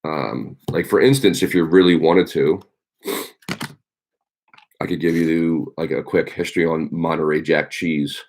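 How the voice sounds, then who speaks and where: A man's voice: very deep voice, steady tone, measured pace, long pauses, a little mellow. A man, a teacher, chatting casually on a livestream, rambling with lots of ums and you-knows.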